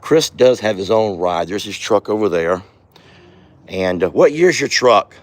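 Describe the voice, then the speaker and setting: A man's voice: lowish voice, expressive, unhurried. A man hosting a casual farm vlog outdoors, chatty and folksy, talking affectionately to his animals. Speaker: ranch owner and vlogger.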